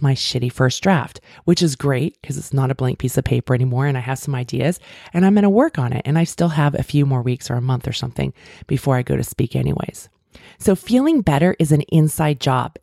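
Middle-aged lady coaching on a podcast, gravelly low-key voice, dry close sound. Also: warm tone, no echo. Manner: earnest, wordy, coaching tone. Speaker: podcast host. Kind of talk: casual self-help talk.

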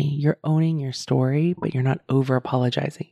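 A woman's voice: rumbling low, fairly even intonation, moderate pace, gravelly, hardly any pauses, dark tone, no room sound, studio quality. A middle-aged woman hosting a solo podcast as a coach, talking earnestly and encouragingly straight to her listeners.

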